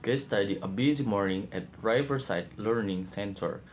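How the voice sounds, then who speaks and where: A man presenting a class project, reading out his slides haltingly with frequent pauses and fillers. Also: on the low side, a little hiss or hum. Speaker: student presenter.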